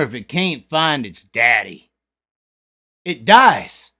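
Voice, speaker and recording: Brief: a drunk, profane vlog host with a high, bright voice, heated and mocking. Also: male voice.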